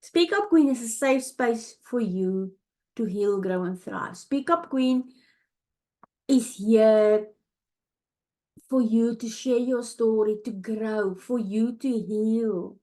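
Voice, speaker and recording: Tired, tearful woman hosting a podcast. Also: fairly high pitch. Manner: heartfelt, halting, with restarts and soft fillers. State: tired and near tears. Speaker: podcast host. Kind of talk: emotional personal monologue. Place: home, early morning.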